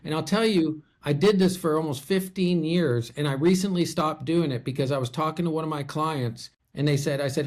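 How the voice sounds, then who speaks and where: A man's voice: fairly high pitch, a little fast, few pauses. A middle-aged man who works as a loan officer, speaking in a conversational, storytelling way as a podcast guest. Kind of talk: casual podcast chat.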